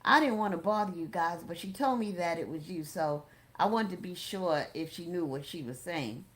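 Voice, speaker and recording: A woman voicing a friendly adult man, a vendor and father, speaking politely and quickly in an audiobook reading. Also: on the low side, close to an everyday voice.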